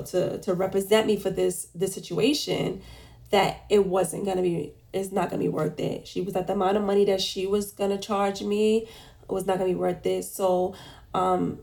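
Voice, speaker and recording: Gravelly, animated woman venting. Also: mid-range voice. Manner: animated, venting, quotes people in a raised voice. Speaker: podcast host and business owner. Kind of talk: casual storytelling.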